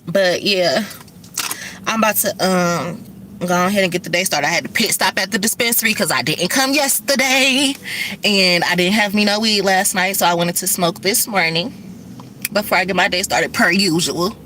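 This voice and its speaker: Fast-talking, profane middle-aged woman. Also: mid-range voice, pushed and bright, slight background noise. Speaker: vlogger and rideshare driver. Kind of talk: casual chat to camera.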